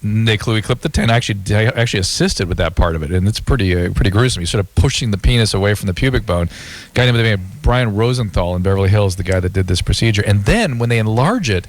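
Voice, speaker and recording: A man co-hosting a late-night call-in radio show as its physician, explaining in a measured way and laughing easily. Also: on the low side, animated, dry recording. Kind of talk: casual radio banter.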